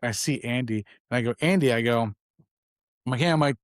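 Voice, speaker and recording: A man's voice: medium pitch, brisk, no echo, studio quality. A man in his twenties co-hosting a podcast, telling a long rambling anecdote and acting out the other man's lines in casual chat. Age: 20s. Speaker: podcast co-host.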